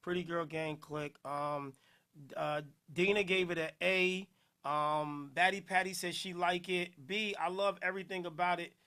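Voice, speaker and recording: A man from Newark with a New Jersey accent, hosting a casual podcast, loud and playful, laughing often and shouting out listeners. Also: sits high, fairly even intonation, a little slow, clear, resonant tone. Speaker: podcast host.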